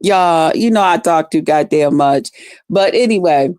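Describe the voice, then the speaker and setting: A woman vlogger telling a story in a casual, profane, animated way, jumping into loud reenactments of herself. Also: low-pitched, a little slow, dry recording, studio quality.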